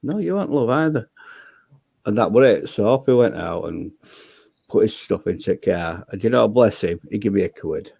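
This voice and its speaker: Blunt man, low and dark. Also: normal speed, creaky, slightly rough, dry recording. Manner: blunt storyteller, swears freely. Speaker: debate show guest. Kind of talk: casual chat.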